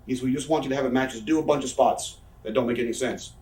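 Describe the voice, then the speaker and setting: A man's voice: mid-range voice, fairly even intonation, racing, darkish tone. A man in his thirties telling rambling, profane, self-mocking stories as an interview guest. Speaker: interviewee, professional wrestler. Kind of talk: casual storytelling interview. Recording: roomy room, mic set far off.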